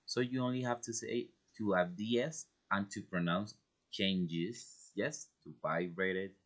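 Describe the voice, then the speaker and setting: A man's voice: lowish voice, unhurried. A man teaching English pronunciation, patiently explaining step by step with examples. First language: Spanish. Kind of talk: online English pronunciation lesson.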